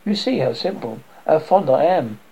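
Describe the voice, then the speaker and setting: A man voicing a timid, wounded young woman in a verse play, reading with lively stresses. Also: fairly high pitch, normal speed, gravelly, husky, full character voice, poor audio. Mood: pleading.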